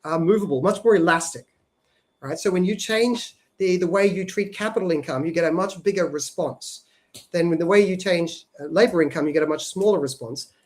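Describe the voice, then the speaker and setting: A man's voice: high-pitched, brisk. A man co-hosting a policy podcast, explaining economics in a casual way and often checking in with "right?". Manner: explanatory, frequent "right?" tag questions. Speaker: podcast co-host.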